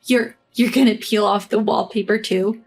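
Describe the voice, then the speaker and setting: A woman voicing a shrill, flustered young rival in a narrated story. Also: steady tone, normal speed, soft background music, natural voice. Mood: stunned.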